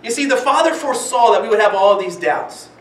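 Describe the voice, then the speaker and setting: A man's voice: very high-pitched, animated, brisk, reverberant, recorded from a distance. A man preaching a sermon as pastor, earnest, with many rhetorical questions and repeated phrases. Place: church sanctuary.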